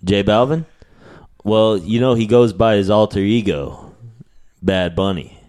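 A man hosting a podcast, joking in a deadpan way and swearing casually. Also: on the low side, a little slow. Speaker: podcast host.

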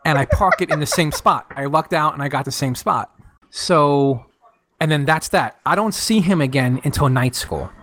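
A man telling a long funny story in casual chat, animated and quick to raise his pitch when he quotes people.

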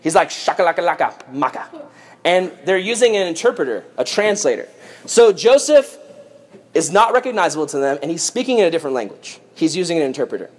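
Brief: male preacher, animated and joking, storytelling with a high voice. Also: fast. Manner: animated, playful, jokey. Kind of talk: lively Bible storytelling.

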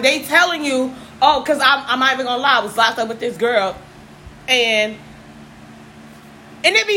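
A woman in a casual talk, telling stories in an animated, blunt way and swearing freely. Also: sits high, poor audio. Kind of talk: casual chat, storytelling. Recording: faint background noise.

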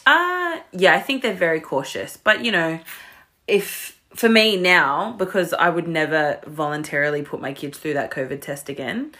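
A woman in her thirties co-hosts a podcast, telling family stories with animated retellings. Her voice is bright and forward. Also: sits low, moderate pace. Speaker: podcast co-host. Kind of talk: casual chat.

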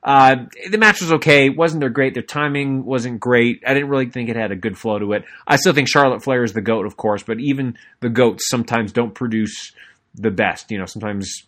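A young adult man co-hosting a podcast gives an enthusiastic wrestling recap that rambles, packed with fillers and restarts. His mid-range voice is a bit bright and moves at a brisk clip.

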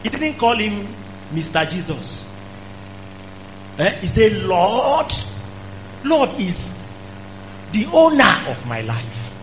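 A male preacher, delivering an emphatic sermon that rises to shouts. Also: sits high, huge pitch swings, takes it slowly, pauses often. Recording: dull lo-fi recording with faint hum.

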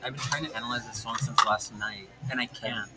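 A man's voice: mid-range voice, fairly even intonation, fairly quick, very noisy. A man on a casual podcast chat who mostly drops in short quips and interjections. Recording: loud music over the voice.

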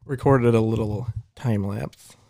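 A young man co-hosting a podcast, blunt and brief in casual chat, often clearing his throat. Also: on the low side, a little slow, mellow, dry recording, studio quality. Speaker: podcast co-host.

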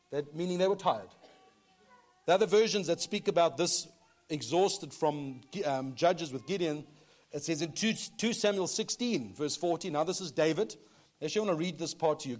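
A man preaching a sermon, reading Bible passages and often checking in with "okay?". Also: on the high side. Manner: animated, repeats "okay?" to the congregation. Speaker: pastor.

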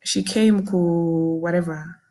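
A woman's voice: lowish voice, fairly even intonation, slow, warm tone. A young woman with a Zimbabwean accent, telling a personal ordeal in an intense, indignant way and switching between English and Shona. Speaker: podcaster recounting a personal ordeal. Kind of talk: emotional personal storytelling.

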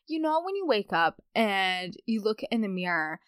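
A woman's voice: medium pitch, big pitch swings, normal speed, a bit bright, clear, resonant tone, no room sound, clean studio sound. A young adult woman hosting a casual solo podcast, chatting in a rambling way with playful asides. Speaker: podcast host.

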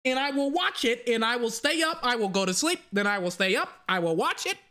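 A young man hosting a casual solo podcast, rambling excitedly and swearing casually. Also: very high-pitched, fairly quick. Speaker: podcast host.

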